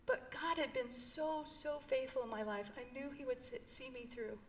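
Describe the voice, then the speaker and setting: A woman's voice: high-pitched, moderate pace, slight background noise. A middle-aged woman telling an emotional personal story in an interview, earnest and heartfelt. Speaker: guest.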